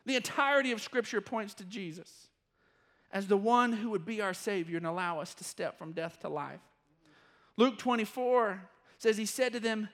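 A man preaching a church sermon, telling stories with animated acted-out quotes. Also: high-pitched, normal speed. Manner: animated storytelling, acting out quoted voices. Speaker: pastor.

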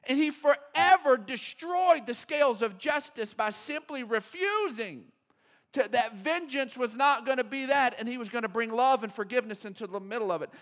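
A male pastor preaching a sermon in a church, acting out quoted voices and swinging between loud emphasis and hushed asides. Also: extremely high pitch, expressive, normal speed. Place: church sanctuary.

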